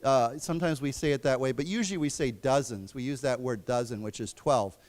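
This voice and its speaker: A man teaching a live English class, slowly explaining vocabulary and quizzing his students. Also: medium pitch, a little mellow. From United States. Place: library lecture room.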